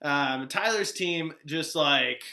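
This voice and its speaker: A man's voice: fairly high pitch, slow, vocal fry, pushed and bright. A man hosting a fantasy football recap, chatting in a casual, exasperated way with laughing asides.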